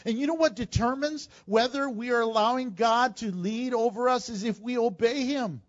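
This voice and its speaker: A man pastor preaching a sermon, reading scripture aloud in an animated way. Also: extremely high pitch, normal speed, muffled recording.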